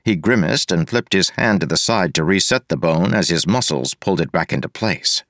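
A man giving scripted audiobook narration, reading fight scenes briskly. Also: deep voice, animated, a bit bright, no echo, studio quality.

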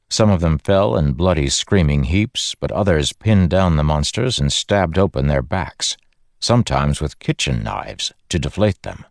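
A man narrating a fantasy audiobook in a steady, measured storytelling style. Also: a bass voice, dry recording, studio quality.

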